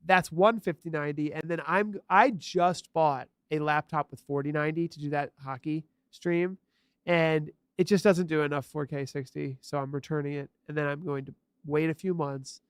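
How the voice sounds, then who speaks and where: A man's voice: on the high side, fairly even intonation, normal speed, clear, resonant tone, no echo, studio quality. A man co-hosting a live streaming tech podcast, explaining hardware in casual, enthusiastic chat. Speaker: podcast co-host.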